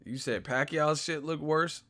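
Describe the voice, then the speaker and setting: The host of a casual live boxing stream, this man has a fairly high pitch and a sharp tone, speaking at a measured pace. He tells stories with energy, heavy on slang and profanity, often breaking into laughter and movie-line impressions.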